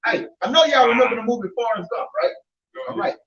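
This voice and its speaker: A man in a religious group discussion who talks emphatically, swears for emphasis and rises to near shouts. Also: extremely high pitch, quick pace, a crowd in the background. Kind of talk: animated group talk on scripture. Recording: far, echoey, dull-sounding room mic.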